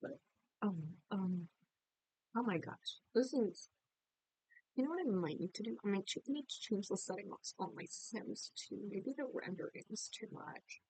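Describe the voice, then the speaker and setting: Tired, rambling young woman, mellow voice. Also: mid-range voice, lively intonation, a little slow, gravelly, dry recording, poor audio. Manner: rambling, candid, tired and apologetic. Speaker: college student and game creator. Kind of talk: casual voice-over chat over a game build. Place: at home by a laptop.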